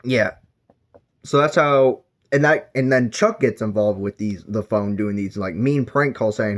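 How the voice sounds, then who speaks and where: A man's voice: lowish voice, unhurried. A man giving a casual book review, rambling with lots of fillers and self-corrections.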